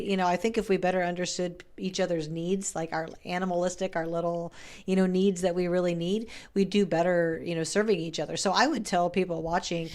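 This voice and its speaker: Chatty woman podcast host, low voice. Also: darkish tone. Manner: chatty, candid, swears casually. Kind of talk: casual interview chat.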